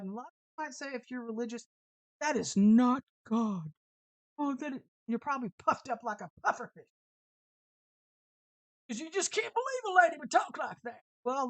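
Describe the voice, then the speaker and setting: A woman's voice: on the high side, dry recording. A woman preaching an informal sermon in a fiery, sassy, emphatic way.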